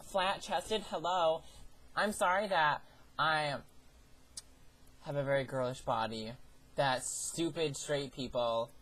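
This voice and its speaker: A man's voice: on the high side, fairly bright tone, husky, poor audio. A teenage guy vlogging a story about a summer job, in a sassy, profane, theatrical way. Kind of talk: ranting personal storytelling.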